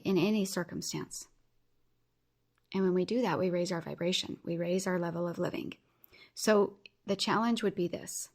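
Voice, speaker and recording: On her motivational podcast, a woman in her thirties sets her listeners a challenge, addressing them earnestly and with direct encouragement. Her voice is on the low side and creaky.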